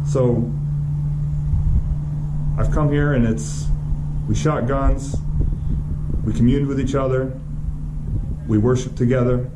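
A man giving an energetic, preachy testimonial, urging listeners on. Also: mid-range voice. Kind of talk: spoken testimonial. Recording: echoey, with loud background noise.

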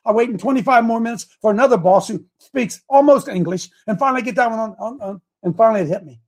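A man's voice: high voice, fast talker, darkish tone, husky. A man hosting an online group, telling a rambling story with many restarts. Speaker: host.

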